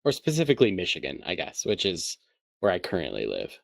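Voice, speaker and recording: A man chatting casually and playfully while gaming with a friend, laughing loudly. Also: low-pitched, huge pitch swings, a little fast, gravelly, no room sound, studio quality. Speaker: co-player.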